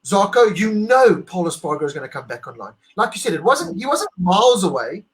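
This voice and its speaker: A man's voice: sits high, very animated, fairly quick, poor audio. A man co-hosting a casual motorsport debrief over a video call, emphatic and argumentative, repeating his points. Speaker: co-host.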